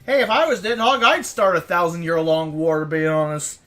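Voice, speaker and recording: A woman's voice: lowish voice, normal speed, a bit bright, soft background music. A woman streamer chatting casually, ranting and swearing with frequent laughter.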